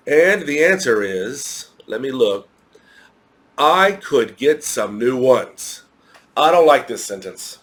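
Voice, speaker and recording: A man with an American accent walks through a grammar lesson at an unhurried, deliberate pace. He explains each point step by step and spells words out letter by letter for his students. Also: medium pitch, very animated, a bit bright. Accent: American English. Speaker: English teacher. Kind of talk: recorded English grammar lesson.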